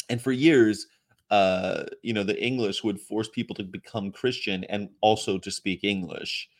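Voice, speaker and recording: A middle-aged man chatting casually on a stream, sarcastic and rambling, laughing often. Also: medium pitch. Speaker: livestream host. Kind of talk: casual chat reacting to comments.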